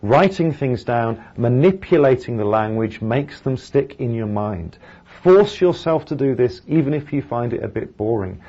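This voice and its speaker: A man's voice: medium pitch, animated, normal speed, warm tone, muffled recording. A male English teacher gives a recorded lecture over slides, explaining each step and then modelling sample sentences aloud.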